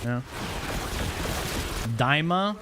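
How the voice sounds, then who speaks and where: Excitable man chatting on a live stream. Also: on the high side, noisy background. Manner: rambling, excitable, quick opinions. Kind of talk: casual live-stream chat.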